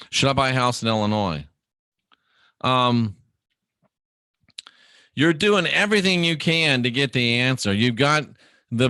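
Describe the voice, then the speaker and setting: A man's voice: mid-range voice, fairly bright tone, smooth, no room sound, clean studio sound. A man hosting a casual livestream, reading viewer questions aloud and answering them by name in a rambling, chatty way.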